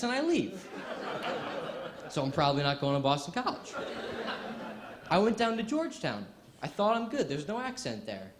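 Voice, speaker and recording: A sixteen-year-old boy doing stand-up comedy in a club, telling stories with put-on voices. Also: fairly high pitch. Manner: animated storytelling with put-on voices. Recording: roomy club with audience noise.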